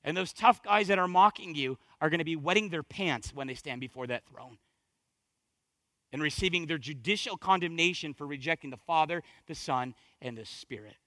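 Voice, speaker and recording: Male preacher, high bright voice, fervent, repeats lines for emphasis, dry sound. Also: moderate pace, no echo. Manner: fervent, swinging between loud emphatic exhortation and hushed intensity. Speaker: pastor. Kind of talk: sermon.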